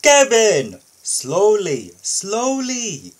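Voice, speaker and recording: A man voicing a busy, kindly male engine who runs a repair works, speaking briskly and firmly. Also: medium pitch, sing-song, breathy edge. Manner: brisk, firm but kind.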